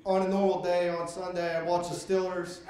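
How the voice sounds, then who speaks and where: A man's voice: sits high, completely flat delivery, a little fast, heavy background noise. Laid-back man. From Pennsylvania, US. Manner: laid-back, chatty, swearing. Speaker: audience volunteer. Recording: echoey venue, loud crowd.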